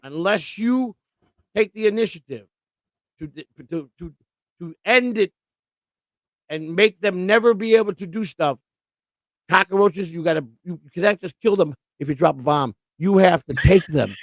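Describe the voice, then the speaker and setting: A man's voice: high-pitched, moderate pace, no room sound. A man co-hosting a casual live stream, talking bluntly and profanely in long rants. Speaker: co-host.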